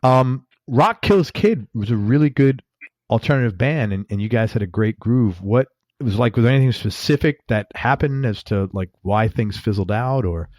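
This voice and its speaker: A man's voice: mid-range voice, lively intonation, moderate pace, a little mellow, no room sound, clean studio sound. A man hosting a casual interview podcast, introducing his guest with jokey, self-mocking asides. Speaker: podcast host.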